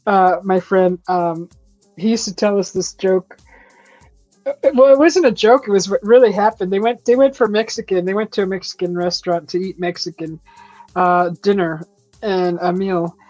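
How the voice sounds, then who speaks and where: A woman's voice: medium pitch, normal speed, darkish tone, dry recording, faint music behind, low-quality recording. A woman hosting a casual live chat from her home kitchen, chatty and teasing, laughing often as she reads viewer comments. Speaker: host of a live chat stream.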